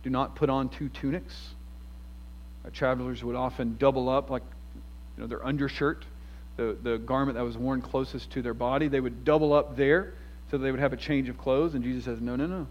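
A man's voice: mid-range voice, steady tone, brisk, muffled recording, slight background noise. A man preaching an expository sermon, earnest and emphatic, asking his listeners rhetorical questions.

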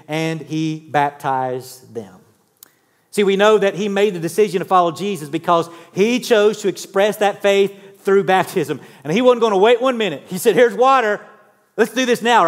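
A pastor in his fifties preaches to his congregation in a warm, conversational way, often stopping to ask them questions. His voice sits fairly high for a man. The sound has the long reverb of a church hall. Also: moderate pace. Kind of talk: sermon. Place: church sanctuary.

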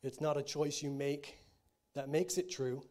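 A pastor preaching in a fairly high male voice. He keeps his sermon conversational and often checks in with his listeners. He drops to quiet, low lines and then rises to loud, stressed declarations. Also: fairly even intonation, measured pace. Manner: conversational preaching with frequent check-ins to the congregation; swings between quiet, low statements and loud, emphatic declarations.

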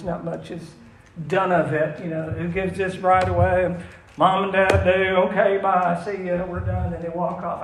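A man's voice: high voice, gravelly, a little hiss or hum. A man preaching a sermon in a conversational, storytelling manner that turns into earnest prayer. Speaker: pastor. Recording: echoey room, faint ambience.

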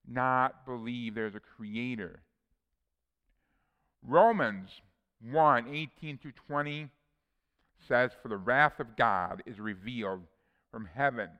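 A man's voice: medium pitch, fairly bright tone, clear, resonant tone, big-room sound. A man preaching a sermon, earnestly reading scripture verses aloud with personal asides.

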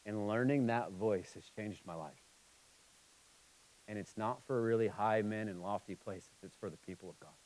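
A man preaching a sermon, moving between emphatic, passionate stretches and quiet, somber ones. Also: lowish voice, moderate pace, rough recording. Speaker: pastor.

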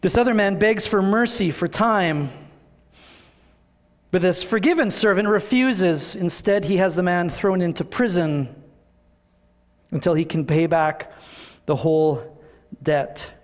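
High-voiced pastor preaching in a church hall. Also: male voice, measured pace, pauses often. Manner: conversational, animated, rhetorical questions. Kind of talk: sermon. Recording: long reverb of a church hall.

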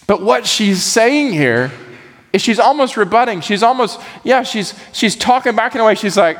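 A man preaching a sermon, animated and acting out the voices he quotes. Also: high-pitched, moderate pace, in a large hall. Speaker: pastor.

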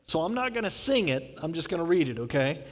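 A man's voice: on the high side, big pitch swings, fast talker, big-room sound. A male pastor preaching a sermon, dramatically acting out the scripture he quotes.

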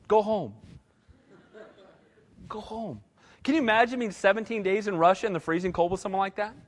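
A middle-aged man with a notably high-pitched voice preaches a sermon in a loose, conversational way. He drives his points home with short repeated phrases. He keeps drawing in the congregation with a questioning "right?". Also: fast. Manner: often asks the congregation "right?". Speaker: pastor.

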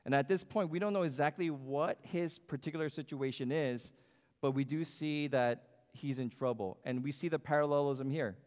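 A man's voice: a little high, moderate pace, darkish tone. A man preaching a sermon in a church sanctuary, talking conversationally and asking the congregation questions. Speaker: pastor. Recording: long hall reverb.

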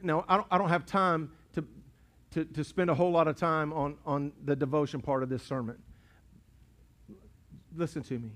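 A high-voiced man preaches a sermon from the pulpit, his drawl coming through clearly. He swings between quiet, close asides and loud, repeated rallying lines to his congregation. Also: steady tone, moderate pace, long pauses. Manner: preaching in swells from hushed to shouting, repeats words. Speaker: pastor. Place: church sanctuary. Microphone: pulpit mic.

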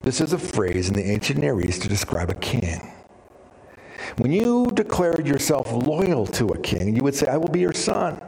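A man preaching a sermon as pastor, animated and storytelling, with sudden drops to a hushed voice. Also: medium pitch, normal speed, vocal fry. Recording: reverberant hall.

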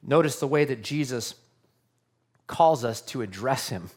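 A man's voice: medium pitch, animated, measured pace, darkish tone. A man preaching a sermon to his congregation in an earnest, conversational way, often asking rhetorical questions. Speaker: pastor.

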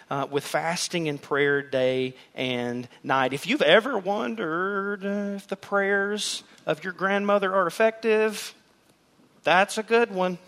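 A man delivers a sermon in a church. His voice sits a little high, and he keeps the preaching conversational, with asides and jokes. He drives points home by repeating phrases. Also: fairly bright tone. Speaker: pastor. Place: church sanctuary with a congregation.

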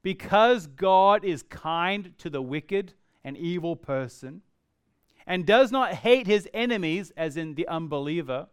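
High-voiced preaching man, earnest. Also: clear, resonant tone, dry recording, clean studio sound. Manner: earnest preaching, swings from loud emphatic to quiet and slow. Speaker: pastor. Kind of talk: sermon.

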